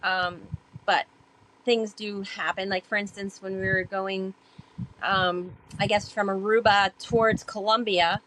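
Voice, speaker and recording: A woman guest on a podcast telling her stories in a chatty way, with many fillers, and growing animated when she acts out past talk. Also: mid-range voice, low-quality recording. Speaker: podcast guest, sailor and author. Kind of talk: casual storytelling interview.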